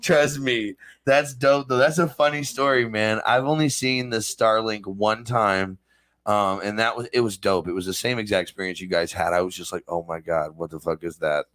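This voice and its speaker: Man, podcast host, low-pitched, laid-back, swears a lot, casual chat. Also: moderate pace, a bit bright.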